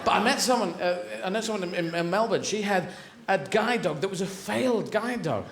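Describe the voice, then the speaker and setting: A man's voice: high voice, fairly quick. A man doing live stand-up comedy on a theatre stage, rambling and whimsical as he slips into voices. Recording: echoey live venue, loud audience laughter. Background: audience laughter.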